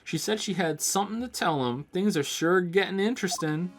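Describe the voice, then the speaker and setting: A man's voice: sits high, brisk, faint music behind, close to an everyday voice. A man voicing a bubbly young female photographer in an exaggerated, cartoonish Southern drawl. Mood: gossipy. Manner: folksy cartoonish Southern drawl imitating a goofy cartoon dog.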